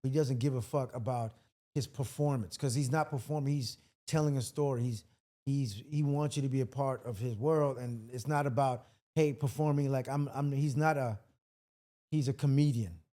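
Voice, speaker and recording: A man, a comedian from Washington, D.C., chatting casually on a podcast and acting out quotes with sudden loud bursts. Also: mid-range voice, moderate pace. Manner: storytelling, acts out quotes loudly. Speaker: comedian guest.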